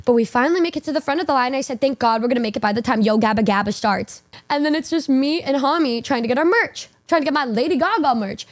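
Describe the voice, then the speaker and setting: A young woman streamer telling a casual story, animated, swearing and laughing through it. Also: high voice, fast.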